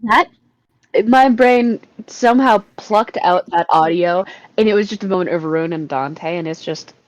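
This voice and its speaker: A woman's voice: lowish voice, unhurried, rough recording. A woman co-hosting a casual group podcast, talking bluntly and swearing freely. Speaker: podcast co-host.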